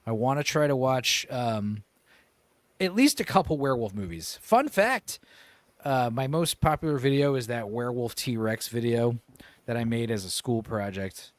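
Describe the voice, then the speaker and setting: A man hosting a casual podcast, chatting about movies in a rambling way, with many pauses and self-corrections. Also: medium pitch, lively intonation, dry recording. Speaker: podcast host.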